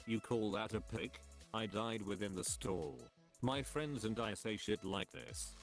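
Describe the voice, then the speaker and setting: Low-voiced man reading forum stories. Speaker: narrator reading online posts.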